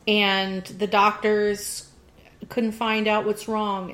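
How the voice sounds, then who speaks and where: A middle-aged woman talks in a relaxed, casual chat. She is blunt and opinionated. She leans hard on the points she cares about. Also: medium pitch.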